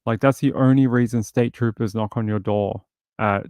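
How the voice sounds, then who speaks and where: A man's voice: lowish voice, steady tone, moderate pace, no room sound, highs cut off. A man hosting a casual livestream, greeting viewers by name and chatting loosely with lots of fillers. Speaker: host.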